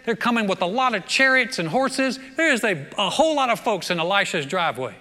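A man preaching a sermon, telling a story with lively, humorous asides to his congregation. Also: high voice, brisk. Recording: long reverb of a big hall.

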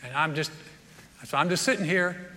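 A man's voice: on the high side, moderate pace, bright, forceful tone, voice pushed down. A man voicing a cheeky ten-year-old country boy in a sermon story, folksy and matter-of-fact. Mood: sly. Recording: reverberant hall.

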